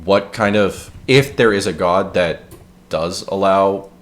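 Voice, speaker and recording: A man with a very deep voice argues on a casual podcast. His points pile up in long run-on chains, one clause after another. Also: slow pace. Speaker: podcast co-host. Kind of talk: casual discussion.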